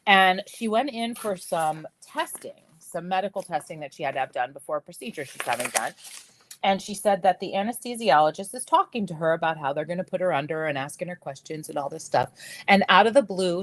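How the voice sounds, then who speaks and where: A woman in her fifties hosting a live jewelry sales stream, telling stories in a lively, laughing way and talking straight to her viewers. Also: lowish voice, brisk, a little hiss or hum. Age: 50s. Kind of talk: chatty live-stream storytelling.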